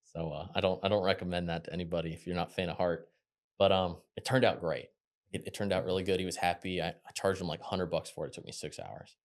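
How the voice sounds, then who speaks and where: A young man with a deep, low-pitched voice talks at a brisk clip. He tells stories from his working life as an interview guest, loose and chatty, and his voice comes alive when he acts out what others said. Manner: quick, chatty, animated when quoting others. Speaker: podcast guest. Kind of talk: casual interview storytelling.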